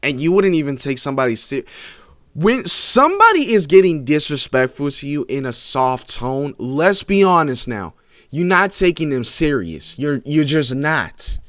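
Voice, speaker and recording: A young man reacting to clips, rambling excitedly with lots of fillers. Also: fairly high pitch, moderate pace, dry recording, clean studio sound. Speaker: reaction video host. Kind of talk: casual reaction commentary.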